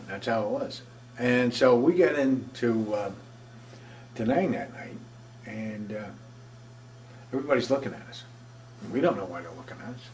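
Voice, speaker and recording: Older veteran, rambling storyteller, mid-pitched, slightly distant recording. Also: male voice, vocal fry, darkish tone, slight background noise. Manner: rambling, conversational, frequent restarts. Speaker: veteran interviewee. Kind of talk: oral history storytelling. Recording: voice from a distance from the mic.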